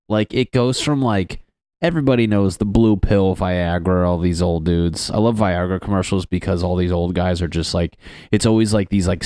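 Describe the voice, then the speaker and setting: A man's voice: sits low, darkish tone, no room sound. A young man hosting a solo comedy podcast, rambling and swearing, laughing at his own jokes, close on the mic. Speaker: podcast host.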